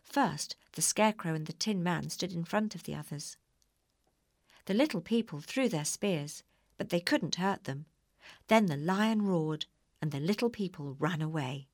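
A woman reading a children's storybook aloud in an expressive, clear way. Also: fairly low pitch, moderate pace, no room sound, clean studio sound.

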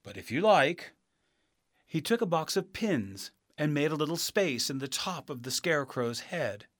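A man reading a storybook aloud, slow and expressive. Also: fairly high pitch, dry recording, clean studio sound. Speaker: narrator.

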